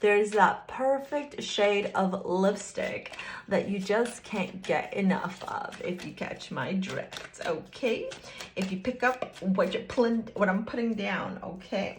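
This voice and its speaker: A woman's voice: mid-range voice, lively intonation, slow, slight background noise. Playful, giggly woman reading tarot. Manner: playful and chatty, giggling often; speaks directly to the viewer, teasing. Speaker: tarot reader. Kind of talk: casual tarot card reading.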